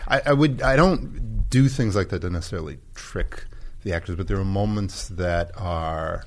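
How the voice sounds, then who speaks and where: A man with a fairly low voice talks through his working process. His speech is reflective, full of restarts and trailing phrases. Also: moderate pace, a little hiss or hum. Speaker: director. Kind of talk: casual chat.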